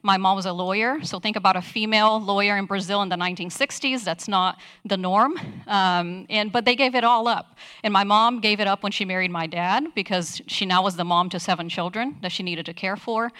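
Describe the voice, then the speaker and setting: A woman in her forties, a physician, gives an earnest devotional teaching talk at church, pausing often to gather her thoughts. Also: medium pitch, sharp tone. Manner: earnest, with frequent hesitant pauses.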